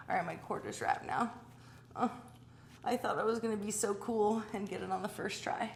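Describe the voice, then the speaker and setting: A woman's voice: medium pitch, lively intonation, normal speed, creaky, pauses often, a little hiss or hum. A woman leading a home workout class, chatty and self-deprecating, tired from exercising as she talks. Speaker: fitness instructor. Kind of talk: live workout coaching.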